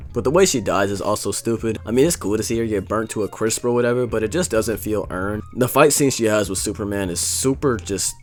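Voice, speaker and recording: A man giving casual, sarcastic and blunt commentary on a video game, sounding exasperated and swearing freely. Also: on the low side.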